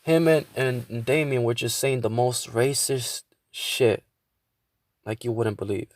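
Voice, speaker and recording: A man's voice: mid-range voice, fairly even intonation, slow pace. A man hosting his own podcast, venting in a casual monologue with a lot of swearing and stumbling restarts. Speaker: podcast host.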